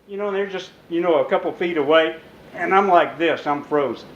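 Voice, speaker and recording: A man speaking as an author at a bookstore talk, telling a story vividly to a live audience and acting out the shouted lines. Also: fairly high pitch, fairly quick, echoey room, lo-fi sound. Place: bookstore event room.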